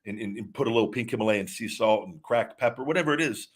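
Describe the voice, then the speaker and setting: Lower-voiced man rambling on a livestream. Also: fast talker, slightly rough. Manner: rambling, repeats words, many restarts; answers viewer chat questions. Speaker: podcast host. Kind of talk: casual livestream talk.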